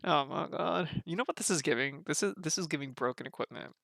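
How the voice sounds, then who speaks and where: A man's voice: fairly high pitch, fast, gravelly, background noise. A man streaming live, gushing in casual slangy commentary and repeating himself as he reacts.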